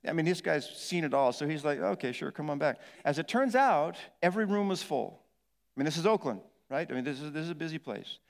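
Animated pastor telling a story in a hall. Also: male voice, a little high, fast talker. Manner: animated storytelling, acts out yelling and moaning. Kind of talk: storytelling sermon.

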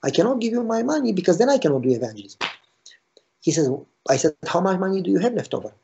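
A pastor telling a story in a sermon, animated and acting out the dialogue with a rising voice. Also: male voice, high voice, fast talker, vocal fry, a little hiss or hum. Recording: dull lo-fi recording.

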